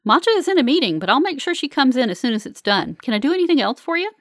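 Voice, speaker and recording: A woman's voice: on the high side, sing-song, quick pace, no room sound, studio quality, pitched above the performer's own voice. Woman doing a chirpy young nurse tech. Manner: relentlessly cheerful, sing-song. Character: chirpy young female hospital technician.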